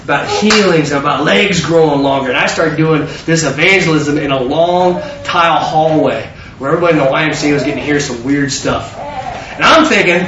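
Animated man preaching in a roomy hall. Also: a little high, brisk. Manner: animated, self-interrupting with repeated words and laughs. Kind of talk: sermon with storytelling. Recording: distant roomy mic, slightly dull.

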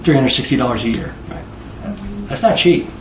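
A man in his forties preaching a sermon in a conversational, animated way, often asking his listeners questions. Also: medium pitch, moderate pace, a little hiss or hum. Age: 40s. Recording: roomy echo, voice from far off.

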